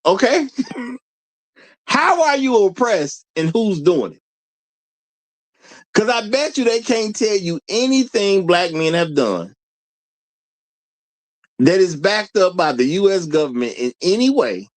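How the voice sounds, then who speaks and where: Lively, laughing male stream host. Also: high-pitched. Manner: laughs often, repeats lines for emphasis; rhetorical, questions the audience. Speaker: show host. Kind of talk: casual live-stream commentary.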